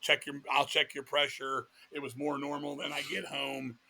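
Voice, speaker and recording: This metal vocalist, a middle-aged guest from Virginia, talks at medium pitch in a monotone that's gravelly, bright and forceful. His fast-paced, profanity-heavy anecdotes are full of quoted voices, told as lively storytelling in casual conversation.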